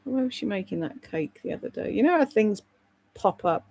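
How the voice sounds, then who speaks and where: A woman's voice: medium pitch, lively intonation, moderate pace, creaky, darkish tone, slightly rough. A British woman chatting casually on a live stream, rambling between topics and reading out viewer comments. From Britain. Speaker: live streamer and voice-over artist.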